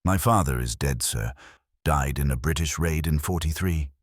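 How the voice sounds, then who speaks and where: A man's voice: extremely low pitch, normal speed, no echo, studio quality. A man playing a tense army captain. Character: tense young male army engineer captain.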